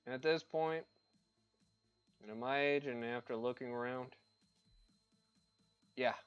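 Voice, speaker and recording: A man of middle pitch rambling in loose, profanity-laced rants during a painting livestream. The audio is dull and lo-fi, with faint music playing underneath. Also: takes it slowly, clear, resonant tone. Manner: profane, ranting, opinionated. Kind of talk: casual rambling chat.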